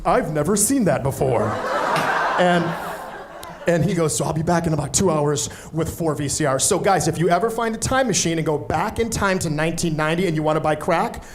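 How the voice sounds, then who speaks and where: A man's voice: fairly high pitch, a little fast, slight background noise. A man doing stand-up, telling a story with energy and acting out the other people in it. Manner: animated, acts out other people's voices. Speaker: stand-up comedian.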